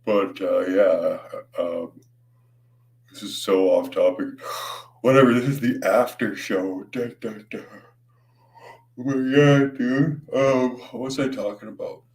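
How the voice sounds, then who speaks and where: A young man, stoned, rambles on a casual livestream, laughing often, swearing freely and saying "dude" a lot. His voice is on the low side and darkish, slow with long pauses, and he sounds roomy and far from the mic.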